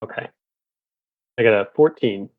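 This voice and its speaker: A man's voice: fairly low pitch, normal speed, phone-quality sound. Casual man playing a tabletop game. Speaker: player.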